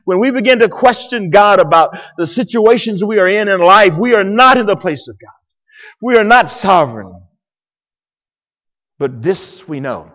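A man's voice: high voice, sing-song, moderate pace. Preacher man in a reverberant hall. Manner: dramatic, swings from loud to hushed. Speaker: pastor. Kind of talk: sermon.

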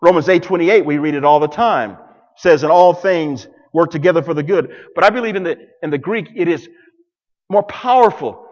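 A man preaching a sermon to a congregation, dramatic, swinging from loud declarations to hushed near-whispers. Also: a little high, moderate pace, long reverb tail, dull audio. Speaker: pastor.

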